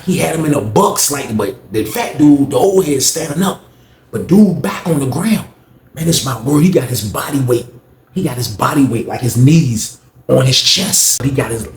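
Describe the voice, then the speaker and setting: A young man telling a story casually, animated, slangy and profane. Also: mid-range voice. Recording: roomy echo, faint background noise.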